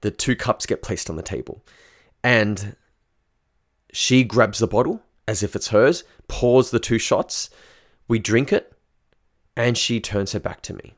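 A man's voice: on the low side, a little slow, pauses often. A man telling a frank, casual first-person story, swearing freely.

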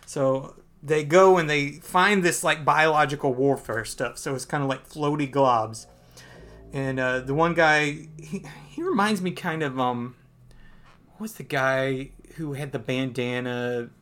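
A man's voice: mid-range voice, measured pace, a bit bright. Male podcast co-host, casual and rambling, laughs through a comic recap. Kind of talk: casual comic book review chat.

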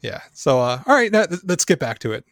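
A man's voice: fairly high pitch, very animated, a little fast, a bit bright, no room sound, clean studio sound. Man reading movie trivia, laughing. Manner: laughs often, reads trivia with fillers. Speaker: podcast co-host reading trivia notes. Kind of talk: casual movie discussion.

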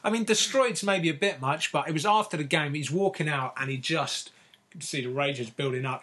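A man telling a story in casual podcast chat, laughing often and filling pauses with ums and uhs. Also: a little high, fairly bright tone, slightly rough.

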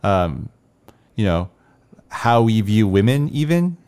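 Smooth low-voiced man reviewing films. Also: sing-song, darkish tone. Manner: measured, analytical, says yeah a lot. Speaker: podcast co-host. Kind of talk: casual film review chat.

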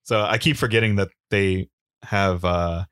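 A man with a low voice talks easily on a casual podcast, wandering through stories and match recaps with plenty of fillers and quick laughs. The sound is close and dry, with no room around it. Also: fairly even intonation, fairly bright tone, smooth, no room sound. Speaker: podcast co-host. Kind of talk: casual chat and wrestling recap.

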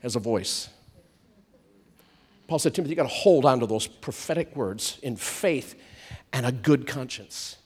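A man preaching a sermon to a church congregation, animated, swinging from loud comic outbursts to soft hushed storytelling. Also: mid-range voice, unhurried, pauses often, husky.

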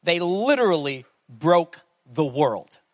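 A man's voice: on the high side, big pitch swings, slow pace, no echo. A man preaching a sermon in a conversational way, asking the listeners questions as he goes. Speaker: pastor.

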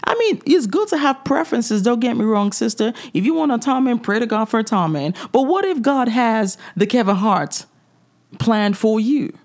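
A woman's voice: a little high, sing-song, normal speed, a little mellow. A middle-aged woman hosting a faith-based podcast, talking in a direct, preachy way with chuckling asides. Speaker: podcast host.

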